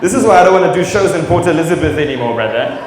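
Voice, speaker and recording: A young South African man doing live stand-up comedy, animated and full of impressions and sound effects. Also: a little high, racing. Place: stage in a large venue. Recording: echoey hall with audience noise.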